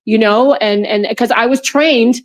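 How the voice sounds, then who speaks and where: A woman's voice: on the high side, measured pace. A woman guest in an interview, telling a personal story in a rambling way with many restarts and repeated words, on a video call. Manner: animated when recounting her friends' words.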